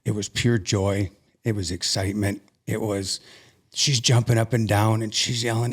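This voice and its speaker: A man's voice: medium pitch, moderate pace. Earnest man telling a personal story. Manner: earnest and emotional, with frequent restarts. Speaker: podcast guest.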